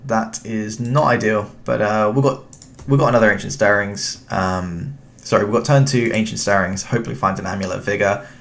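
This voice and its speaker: A young British man gives relaxed commentary on his card game, talking to himself and his opponent as he plays. His voice sits low with plenty of gravelly fry. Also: a little fast. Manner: relaxed, thinking aloud, chatty with the opponent. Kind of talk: casual gameplay commentary.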